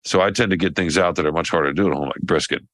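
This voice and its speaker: A deep-voiced man talks casually on a podcast, telling a meandering story. He often restarts his sentences and wanders off track. The sound is close and dry, with no room echo. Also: very fast, fairly bright tone. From American South. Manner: rambling storyteller with many restarts. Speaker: podcast co-host. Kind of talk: casual chat.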